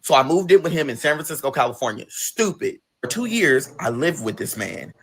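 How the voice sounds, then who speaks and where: A man's voice: medium pitch, big pitch swings, brisk, breathy edge. A man telling his personal story in an emphatic, profane way, with sudden outbursts. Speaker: guest telling his life story on a livestream.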